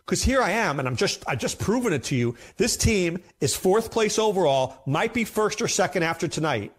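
In a high, husky, very animated voice at a normal pace, a man hosts a fantasy football show. He delivers casual commentary to the camera with emphasis, often repeating himself for effect.

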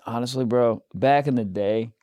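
A man's voice: medium pitch, normal speed, dark tone. A man co-hosting a podcast, joking crudely and swearing, slipping into brief mock voices. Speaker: podcast co-host. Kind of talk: crude casual banter.

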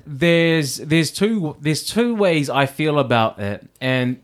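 A gossipy man co-hosting a casual chat show, his voice sitting a little higher than most men's. He talks in an animated, playful way, with quick swings of pitch. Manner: animated, gossipy, laughs often. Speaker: podcast co-host.

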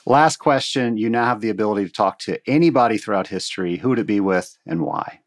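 A man from the United States hosting an interview podcast, asking questions and encouraging his guest. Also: fairly low pitch. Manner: encouraging, asks quick questions. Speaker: podcast host.

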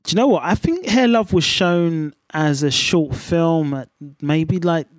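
A man's voice: fairly high pitch, a little slow, no echo, studio quality. A man hosting a casual podcast chat, upbeat and chatty, with plenty of fillers. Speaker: podcast host.

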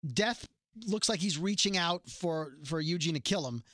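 A man's voice: fairly high pitch, animated, moderate pace, fairly bright tone, no room sound, clean studio sound. A man co-hosting a casual chat, recapping a story at length and acting out the characters' lines as he goes. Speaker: podcast co-host recapping a TV episode.

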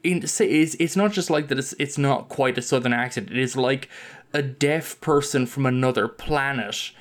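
A man's voice: medium pitch, moderate pace. Rambling wry man on a film podcast. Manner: rambling, restarts often, wry. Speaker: podcast co-host, film discussion. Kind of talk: casual chat.

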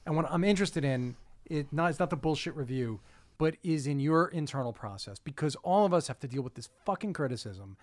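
A man's voice: fairly high pitch, animated, brisk. Eager man hosting a casual interview. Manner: eager, frank, swears freely. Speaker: interview host.

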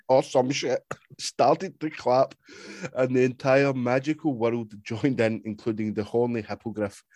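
A man with a middling pitch who co-hosts a podcast, reading aloud and bantering. He laughs often and swears freely. The recording is dry, with no room sound. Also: a little mellow, no room sound. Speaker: podcast co-host. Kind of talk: casual chat and reading aloud.

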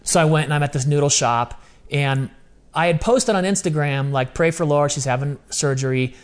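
As an interview guest, a man shares candid personal stories, talking emphatically and casually with lots of slang. His voice is a little high, clear, and resonant, and he speaks briskly.

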